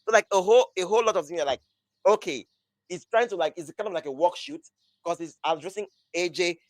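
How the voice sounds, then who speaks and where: A man's voice: high voice, fast, dry recording. A young man hosting a live wrestling podcast, rambling in casual chat and leaning on "like" as he restarts his thoughts. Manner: rambling, restarts often, says "like" a lot. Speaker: podcast host.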